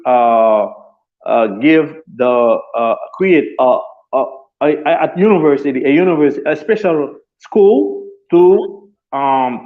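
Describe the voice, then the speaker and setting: Man, haitian accent, hesitant, lots of uh, tinny phone-like line. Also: on the high side. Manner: hesitant, many fillers and restarts. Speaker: student in a class debate.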